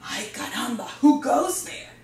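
Storybook hero: woman doing a dramatic little kitten swordsman, bright and high, echoey room from afar. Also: very animated, a little slow, a little hiss or hum. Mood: bold. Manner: dramatic, sprinkles Spanish words. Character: brave young kitten posing as a sword-fighting dog. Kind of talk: storybook read-aloud. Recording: echoey room, distant mic.

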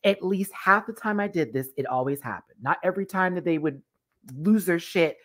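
A woman in her thirties hosting a live stream, telling stories in a loud, animated, profane way and laughing often. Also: on the low side, normal speed. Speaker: show host reviewing a TV competition. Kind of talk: casual live stream chat.

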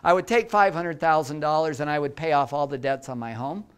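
Older male entrepreneur, lively self-deprecating storyteller, slightly high pitch, clear resonant tone. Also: brisk. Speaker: guest lecturer, entrepreneur. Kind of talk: anecdotal lecture to students.

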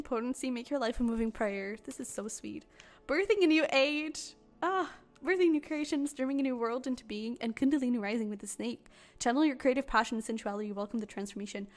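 A young woman giving a casual, rambling tarot reading to camera, bubbly and quick to laugh. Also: a little high. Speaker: tarot reader.

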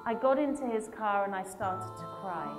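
A woman's voice: mid-range voice, normal speed, big-room sound, music in the background. A woman giving a lecture and telling a personal story with vivid, emotional delivery and acted-out quotes. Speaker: public speaker.

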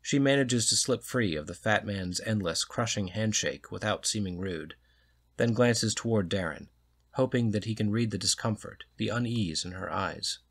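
Measured male narrator reading a story, lower register. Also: a bit bright, breathy edge. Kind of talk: audiobook reading of a short story.

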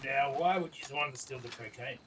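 A man's voice: medium pitch, fairly quick, a bit bright, slight background noise. A man interrogating a prisoner in a game role-play, commanding and repeating his orders.

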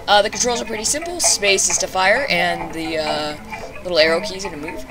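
A woman's voice: fairly low pitch, fairly quick, over music, rough recording. A young woman commenting on a game she is playing. She curses often and shrieks in panic at enemies. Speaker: let's play gamer. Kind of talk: casual gameplay commentary.

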